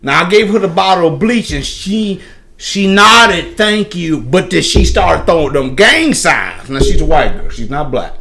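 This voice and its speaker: A man's voice: a little high, sing-song, normal speed, gravelly, pushed and bright. A man, a podcast guest telling a story in casual chat, profane and often laughing.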